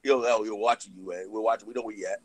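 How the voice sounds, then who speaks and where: A man's voice: fairly low pitch, fairly even intonation, rapid-fire, dry recording. A man hosting a heated live discussion, talking fiercely and repeating "you know what I'm saying" over and over. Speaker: host.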